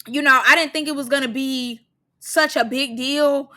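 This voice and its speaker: A young woman giving a sassy, slang-heavy recap of a reality show, now and then breaking into loud outbursts. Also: high voice, normal speed. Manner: animated, sassy, slangy, bursts into shouts.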